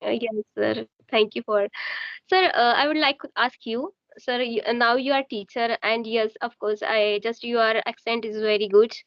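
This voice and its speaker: This hesitant woman from Maharashtra, India, a homemaker and learner, stumbles through casual conversation practice with lots of fillers and halting pauses. She keeps a steady tone in a fairly high voice, and the recording is dry and dull.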